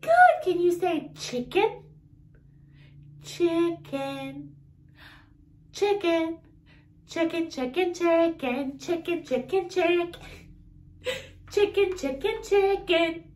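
Children's teacher, woman, very high sing-song voice, unhurried, off-mic in an echoey room. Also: very animated, recorded from a distance. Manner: imitates animal sounds. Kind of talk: toddler learning video.

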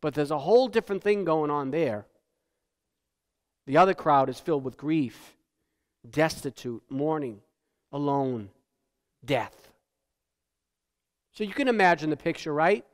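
A male pastor delivers a sermon in a slightly raised voice that hangs in the long reverb of a church hall. He talks to the room conversationally, tags his points with "right?" and sinks to a hush for the solemn parts. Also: fairly high pitch, expressive, unhurried, long pauses. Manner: tag questions, repeats words. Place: church sanctuary.

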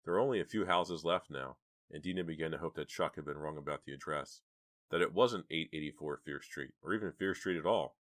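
Audiobook narrator, man, very deep voice, dry close sound. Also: brisk, dry recording.

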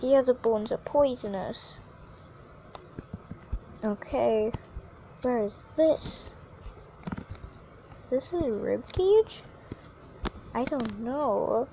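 A woman giving casual, excitable commentary on her own gameplay, yelping whenever she falls. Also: on the high side, extremely slow, vocal fry, long pauses, muffled recording, slight background noise. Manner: chatty and excitable, yelps when falling. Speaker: gaming YouTuber.

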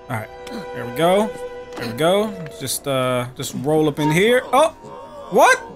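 A man giving brash, joking commentary while playing a video game, taunting enemies and talking to viewers. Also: fairly high pitch. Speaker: gaming YouTuber. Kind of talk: profane gameplay commentary. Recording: music playing behind.

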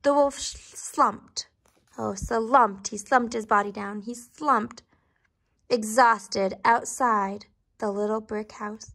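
A woman reading a storybook aloud to children, pausing to ask questions and dropping into soft whispered asides. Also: fairly high pitch, fairly even intonation. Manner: gentle, asks the listener questions, whispered asides.

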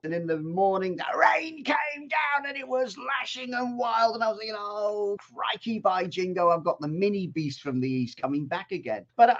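A man's voice: fairly high pitch, muffled recording. Exuberant older Englishman telling a tale. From southern England. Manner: exuberant, animated, with quaint exclamations. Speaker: author and TV presenter. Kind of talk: enthusiastic storytelling talk.

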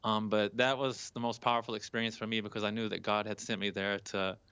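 A man's voice: fairly low pitch, flat delivery, a little fast, pushed and bright, clear, resonant tone, no room sound, highs cut off. A young man, a college student, telling a personal story earnestly in an interview, with some restarts. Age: young adult.

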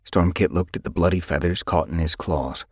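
A deep, expressive male audiobook narrator reads scripted narration at a normal speed, with a breathy edge. The studio sound is clean, with no room echo.

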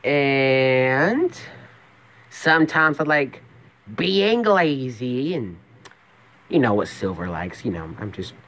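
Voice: medium pitch, sing-song, slow pace, fairly bright tone, pitched below the performer's own voice. A young man voicing a laid-back young hedgehog hero who talks lazily and dreamily. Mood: dreamy. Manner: dreamy, lazy.

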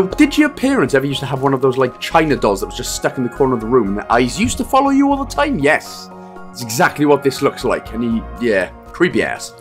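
Welsh male gaming commentator, young, lively pitch, chatty with faint music behind. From Wales. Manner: chatty, jokey asides, frequent fillers. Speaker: game walkthrough narrator. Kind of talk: casual gameplay commentary.

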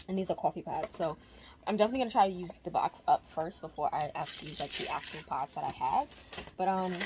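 A young woman talks casually from her home, rambling easily with frequent ums. Her voice sits on the low side. Steady background noise runs under the recording. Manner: relaxed, rambling with many ums. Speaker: vlogger. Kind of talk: casual chat.

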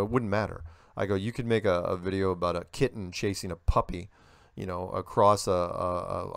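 Older guy, gravelly lowish voice, chatty storyteller doing little voices, dry close sound. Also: dry recording. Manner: animated storyteller, acts out quoted voices. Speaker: interview guest. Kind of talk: casual conversational interview.

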